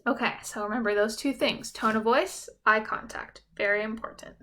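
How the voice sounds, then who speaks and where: Bright-voiced woman teacher, patient and clear. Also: on the high side, fairly even intonation, moderate pace. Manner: patient, explains simply, checks in with "okay?". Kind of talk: recorded classroom lesson.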